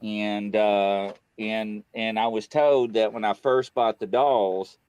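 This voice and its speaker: A man casually telling a story on a talk show, acting out the dialogue and jumping high in pitch when he gets excited. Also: slow pace, clear, resonant tone, dry recording. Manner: animated, acts out quoted dialogue, voice jumps high when excited. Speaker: guest on a paranormal talk show.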